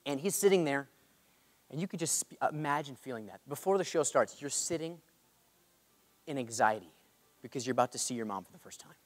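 A man's voice: medium pitch, expressive, brisk, pauses often. A man telling a personal story in an earnest sermon and calling out to the congregation for amens. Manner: earnest, calls for amens from the crowd. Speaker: preacher. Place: church hall. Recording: long reverb of a large hall.

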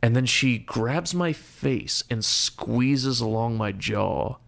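Gravelly, profane young man telling stories. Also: medium pitch, takes it slowly. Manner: profane, animated storyteller who acts out quotes. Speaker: podcast co-host. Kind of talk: casual storytelling chat.

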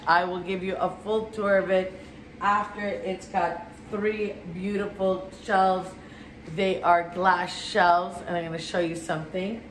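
A home decor vlogger with a fairly low-pitched voice chats in a bubbly, gushing, rambling way, often repeating herself in casual vlog talk and voice-over. The roomy, echoey recording has faint music and slight background noise.

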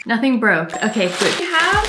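A woman YouTuber talking casually to camera, excitable and gushing, squealing with surprise. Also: a little high, normal speed, very noisy. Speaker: YouTuber and singer. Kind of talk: casual vlog talk to camera. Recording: echoey room with background music.

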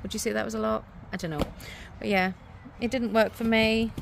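A woman chats casually to the camera outdoors in a garden and laughs often between remarks. Her voice sits a little higher than most. A faint hum of noise lies underneath. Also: fairly quick, gravelly. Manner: chatty, laughs often, expressive. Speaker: vlogger and mother.

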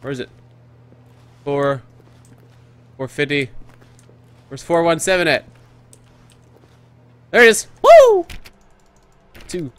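A man giving excitable let's play commentary, whooping, joking and swearing as he plays. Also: on the high side, takes it slowly, long pauses, smooth. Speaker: gamer.

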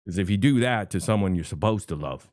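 A man's voice: deep voice, expressive, quick pace, darkish tone, no room sound, clean studio sound. A man streaming his reactions to a clip, mocking and profane, laughing often. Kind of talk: casual reaction commentary.

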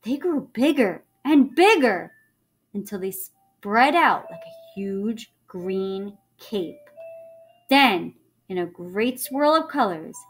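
A woman teacher reads a children's chapter book aloud to her students. She lingers over every line with an expressive, animated delivery and checks in with the class between chapters. A soft wash of music sits faintly underneath. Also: on the high side.

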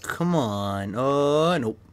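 A young man chatting casually while opening card packs in a video game, excitable and swearing freely, with a cough and an irritated throat. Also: mid-range voice, drawn-out words, no room sound. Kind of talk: casual pack-opening commentary. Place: his bedroom.

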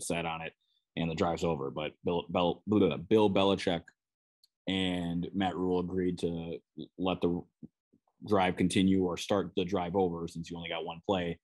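Deep-voiced Minnesotan man breaking down football. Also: a little mellow. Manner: conversational, with frequent restarts and "you know". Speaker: sports beat writer and podcast host. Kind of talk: solo sports podcast analysis.

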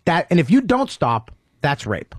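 Profane, animated male radio host. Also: a little high, moderate pace, breathy edge, dry recording, studio quality. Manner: animated and profane, quotes people in voices. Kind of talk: crude radio talk.

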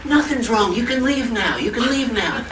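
A man voicing a sneaky male trickster who squeaks higher and higher while pretending nothing is wrong. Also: animated, normal speed, a crowd in the background. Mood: nervous. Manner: high, strained and squeaky. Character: Anansi, sneaky male spider trickster, panicking. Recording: roomy live sound from a distance.

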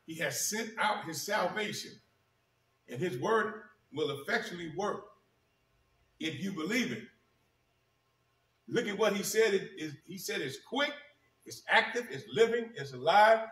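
A male pastor preaching a sermon, repeating key phrases with emphasis and slowing down to read scripture. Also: high-pitched, fairly bright tone. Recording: echoey room, mic at a distance.

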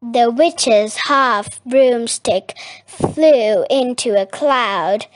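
A woman reading a rhyming children's picture book aloud in a measured, sing-song way. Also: a little high, big pitch swings, dry recording. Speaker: storybook reader.

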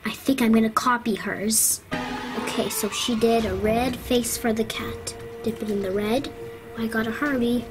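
A woman's voice: fairly high pitch, fairly even intonation, normal speed, music in the background, pitched below the performer's own voice, natural voice. A woman voicing a worried toddler girl who mutters to herself while painting in a toy-doll video. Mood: fretful. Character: anxious little girl toddler rushing to copy.

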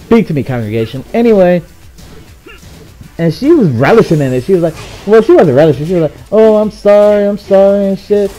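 Animated young man telling a profane story. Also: fairly high pitch, fairly quick, faint music behind. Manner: animated, profane, acts out quoted dialogue. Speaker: gaming channel host. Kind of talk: casual storytime monologue.

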